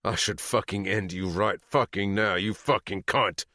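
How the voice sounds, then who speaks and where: A man's voice: lowish voice, a little slow, sharp tone, no echo, studio quality, voice pushed up. A man voicing an angry young biker son who confronts his mother in harsh, cursing outbursts. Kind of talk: audiobook character reading.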